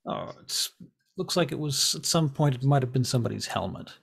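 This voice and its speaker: A man narrating as game master of a tabletop game, halting and searching for words as he describes scenes. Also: mid-range voice, creaky, fairly bright tone, husky.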